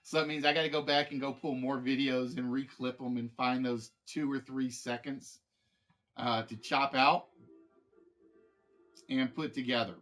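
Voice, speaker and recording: A man's voice: medium pitch, fairly even intonation, unhurried, a bit bright. A man hosting a live game show stream, chatting casually with viewers in a rambling way, full of fillers and restarts.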